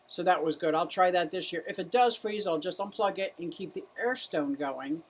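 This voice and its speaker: A woman's voice: on the low side, moderate pace, breathy edge. Middle-aged woman, casual livestream host, chatty with her viewers and her turtles. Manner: chatty, greets viewers, talks to her animals. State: out of breath at times.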